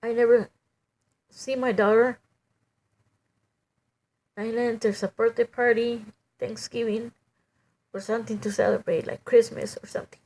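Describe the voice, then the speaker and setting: A middle-aged woman giving a halting, emotional personal testimony, full of "you know" and restarts. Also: on the high side, flat delivery, a little mellow.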